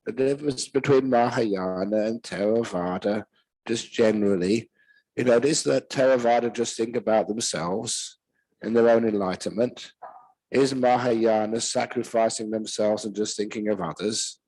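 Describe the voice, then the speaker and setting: An older man with a British accent, a monk giving a relaxed Dharma talk full of humorous stories, chuckling at his own jokes. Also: fairly low pitch, normal speed, no room sound, rough recording.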